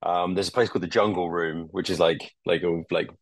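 A man's voice: deep voice, steady tone, fairly quick, no room sound. A man co-hosting a podcast, telling a rambling, sweary story in a laid-back way. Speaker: podcast co-host. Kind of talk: casual storytelling.

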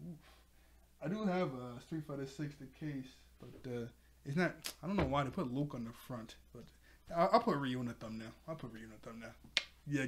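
A man casually recapping a cartoon episode, rambling and laughing often, briefly mimicking characters' lines. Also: medium pitch. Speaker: show reviewer.

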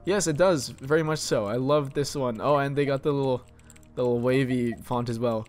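Chill guy swearing his way through a text game, normal pitch voice, quiet music behind. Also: normal speed. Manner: laid-back, sweary, laughs at the game. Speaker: let's play host. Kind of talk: game commentary and reading aloud.

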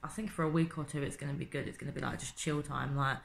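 A woman's voice: sits low, fairly even intonation, fast, vocal fry, a little hiss or hum. A woman, chatting casually and swearing often in a home video diary, asking rhetorical questions. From England. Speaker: vlogger. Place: home in the city.

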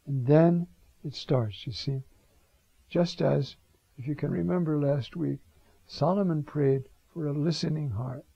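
A man's voice: on the high side, measured pace, gravelly, mellow, slightly rough, no echo. An older man, a priest, giving a conversational homily on scripture, often saying "you see" and quoting Hebrew words. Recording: dull lo-fi recording.

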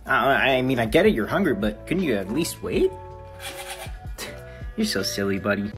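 A young man in his late teens, playfully talking to his toy trucks and calling their game like an excitable sports commentator. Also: mid-range voice, measured pace, faint music behind. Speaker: video creator. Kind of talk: comic skit with mock sports commentary.

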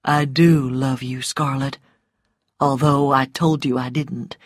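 A woman voicing a self-assured, mocking grown man in a storybook reading, speaking calmly in a low, quiet murmur. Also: takes it slowly, slightly rough, dry recording, studio quality, full character voice. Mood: tender. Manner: calm, low and teasing, dropping to a murmur.

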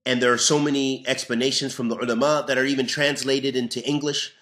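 A man's voice: medium pitch, little pitch movement, quick pace, a bit bright, roomy sound. A man teaching a religious lesson, reading a text and explaining it in an earnest, emphatic way. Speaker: Islamic lecturer.

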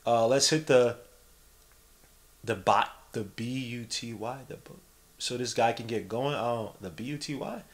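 A young man hosting a podcast, giving casual live play-by-play and reading the chat aloud in an animated, slangy way. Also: mid-range voice, unhurried. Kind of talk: casual live-stream commentary.

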